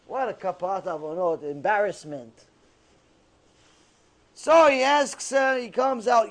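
A man giving a religious ethics lecture, telling stories and acting out the scenes with lively energy. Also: high-pitched, unhurried, pauses often. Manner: animated, acts out scenes. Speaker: Torah teacher.

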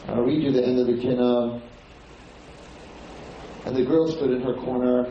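Man, lecture, dramatic storytelling, chanted lines, booming echo, distant mic. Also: fairly even intonation, moderate pace, a little hiss or hum. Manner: retells the story with quoted speech and chants some lines. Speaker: lecturer teaching liturgy. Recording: very echoey room, distant mic, dull lo-fi sound.

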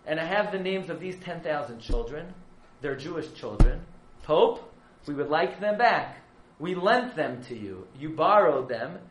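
A man's voice: a little high, animated, unhurried, few pauses, echoey room, a little hiss or hum, low-quality recording. Man voicing an impassioned elderly rabbi. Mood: pleading. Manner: pleading, rising to impassioned outcries. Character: elderly chief rabbi, grieving yet defiant.

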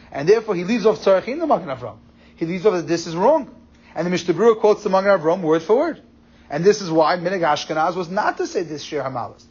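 Fast-talking rabbi, high lively voice. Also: male voice, husky. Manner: quick, animated explaining, mixes Hebrew and Yiddish learning terms. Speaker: rabbi giving a class. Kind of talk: Torah class lecture. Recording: muffled lo-fi recording.

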